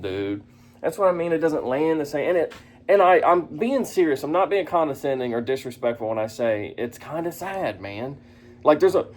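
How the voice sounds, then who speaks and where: A man hosting a reaction commentary vlog at a middle pitch. He talks sarcastically, mocking the clips he plays and laughing at them. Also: a little mellow. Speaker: commentary vlogger.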